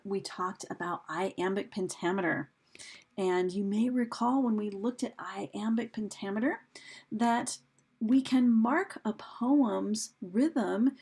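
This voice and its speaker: A woman's voice: medium pitch, a little mellow, slightly rough. A woman teacher talking through a recorded lesson over slides, chatty, with fillers and questions put to her students. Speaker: English teacher.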